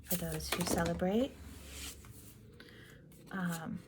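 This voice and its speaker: A woman giving a gentle, meandering tarot reading in a soft-spoken voice that drifts into half-whispers. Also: on the low side, slow, background noise. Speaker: tarot reader.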